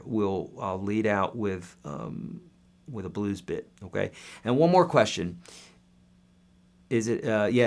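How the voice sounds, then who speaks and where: A man in his thirties, a guitar teacher answering viewer questions in a casual, upbeat live-stream lesson. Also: lowish voice. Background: guitar playing.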